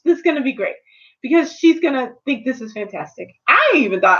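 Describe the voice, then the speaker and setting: A woman with a high voice chats through a film review in a sassy, slangy, playful way. The recording sounds dull and lo-fi. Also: very animated, fairly quick, a bit bright. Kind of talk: casual spoiler review chat.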